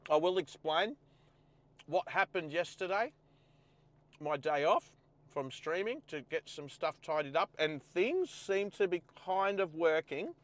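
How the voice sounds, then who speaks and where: Chatty Australian man, slightly high voice. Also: expressive, a little slow. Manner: chatty, thinks aloud while setting up. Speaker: host. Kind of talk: casual live-stream chat. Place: in a car.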